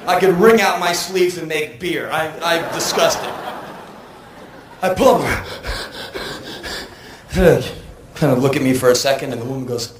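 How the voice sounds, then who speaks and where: A man telling a comic personal story, acting out the people in it with sudden shouted outbursts. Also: fairly high pitch, measured pace, pauses often. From United States. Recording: roomy echo with faint ambient noise.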